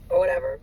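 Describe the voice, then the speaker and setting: A middle-aged vlogger talks casually to camera from a parked car, telling a lively story full of laughter and squealed quotes she acts out herself. The low-quality recording carries a little hiss or hum.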